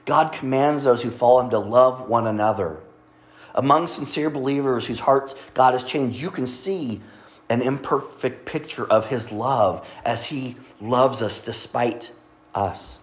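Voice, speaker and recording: A man's voice: mid-range voice, unhurried. A pastor giving a sermon in an earnest, conversational way, often restarting his words as he speaks. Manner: earnest, conversational preaching with repeated starts.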